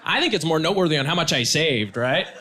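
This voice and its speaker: Audience laughter and loud crowd noise fill this live stand-up recording. The male comedian's voice is a little high and animated, moving at a quick pace with punchy, self-deprecating delivery.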